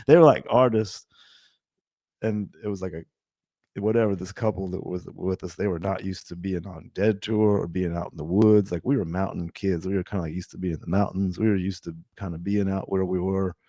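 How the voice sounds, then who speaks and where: A man's voice: low voice, steady tone, fairly quick, dark tone, no echo, studio quality. A man in his fifties, a podcast host telling a story in a loose, rambling way with many restarts. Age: 50s. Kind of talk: casual storytelling.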